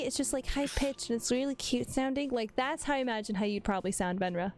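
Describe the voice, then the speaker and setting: A woman's voice: on the high side, moderate pace. A woman hosting a live stream in casual chat. She giggles often and talks loosely, with many fillers. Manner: giggly, chatty, lots of fillers. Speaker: streamer host.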